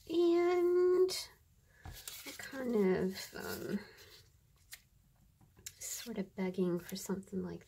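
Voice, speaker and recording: A woman's voice: medium pitch, darkish tone, slight background noise. A woman chatting casually through a crafting tutorial, muttering to herself and often dropping to a whisper as she works. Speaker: crafter demonstrating journal pages.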